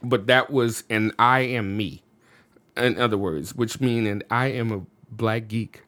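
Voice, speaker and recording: An American man appears as a podcast guest, recounting a personal story in a loose, lively way and often throwing in fillers like "you know what I'm saying." His voice is on the low side and his pace is measured, with no room sound in the recording.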